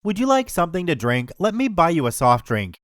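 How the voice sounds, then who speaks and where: A man voicing a big, gentle man who talks softly and calmly. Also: a little high, brisk, no echo, studio quality. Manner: soft, calm, soothing.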